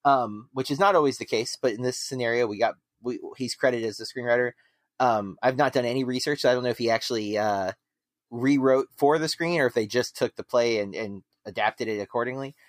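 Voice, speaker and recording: A man's voice: mid-range voice, brisk, no echo. Guy hosting a film podcast, rambly, lots of ums, dry close sound. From United States. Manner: rambling, with many fillers and restarts. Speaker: podcast host. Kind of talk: casual chat.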